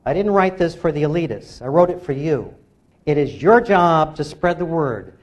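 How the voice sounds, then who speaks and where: A man's voice: fairly high pitch, expressive, normal speed. Emphatic man rallying a lecture audience. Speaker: author giving a public talk. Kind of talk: public lecture.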